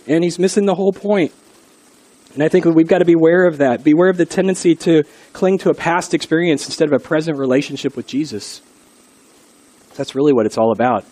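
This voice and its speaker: A middle-aged male pastor preaches an earnest, conversational sermon, weaving in stories as he goes. His voice is a little high and a little mellow.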